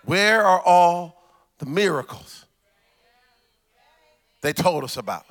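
A man's voice: high-pitched, lively intonation, slow pace, fairly bright tone. A man preaching a sermon as pastor, repeating questions rhythmically and adding humorous asides.

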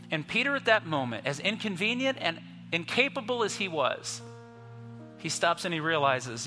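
A man in his fifties preaching a sermon, storytelling and moving between soft, quiet passages and emphatic ones. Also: fairly high pitch, lively intonation, brisk. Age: 50s. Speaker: pastor. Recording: music under voice, long reverb.

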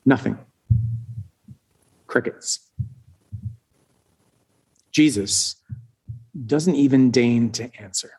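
A male preacher retelling a scripture story as a slow, dramatic sermon with long pauses. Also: mid-range voice, darkish tone, husky.

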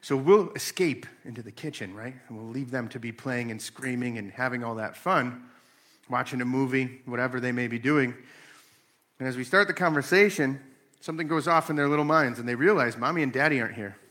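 A man's voice: medium pitch, fairly quick. A man in his late thirties talking casually about faith and family, telling stories and acting out voices. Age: 30s. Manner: animated storytelling with acted-out voices.

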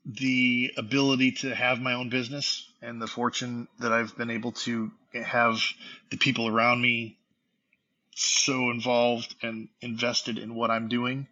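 Reflective man, bright slightly dull sound. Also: mid-range voice, little pitch movement, measured pace. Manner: reflective, hesitant, many fillers. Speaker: guest musician. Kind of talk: casual interview answers.

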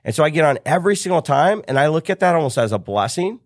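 A man's voice: on the high side, fast, no echo, studio quality. A middle-aged man, a business coach and podcast guest, telling a story in casual conversation and acting out the voices of the people in it. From United States. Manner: animated storyteller acting out quoted dialogue.

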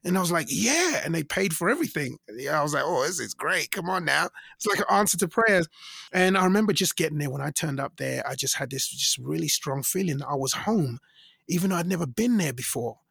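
A middle-aged man telling stories in a casual interview, animated and acting out the voices of people he quotes. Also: quick pace, gravelly, husky, no echo, clean studio sound. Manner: animated, acts out quoted voices with big pitch jumps. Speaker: singer and interview guest.

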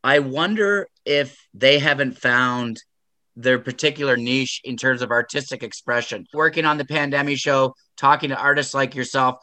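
A man's voice: mid-range voice, moderate pace, sharp tone, dry recording. A man hosting a casual interview, speaking in an earnest, reflective way. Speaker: podcast host.

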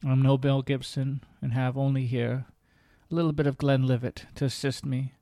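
Earnest male host reading his memoir, even delivery, dry close sound. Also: medium pitch, normal speed, dry recording. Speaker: podcast host.

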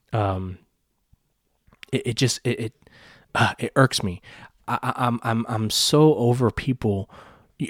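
A man's voice: mid-range voice, darkish tone, no room sound, studio quality. A man hosting a podcast, telling a story in a casual monologue. He rambles, swears freely and often restarts his sentences. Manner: rambling, profane, many restarts. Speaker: podcast host.

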